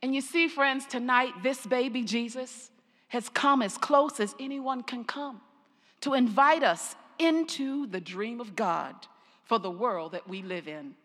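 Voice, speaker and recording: An older woman pastor preaching a sermon, telling stories slowly and deliberately, her phrase endings trailing off softly. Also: on the high side. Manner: slow, deliberate storytelling with soft trailing endings. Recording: long reverb of a large hall.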